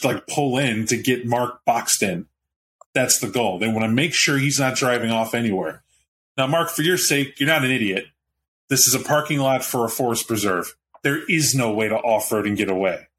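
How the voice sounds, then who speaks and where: A man's voice: medium pitch, a bit bright, a little hiss or hum. A man narrating a tabletop role-playing game as game master, in a casual, rambling way.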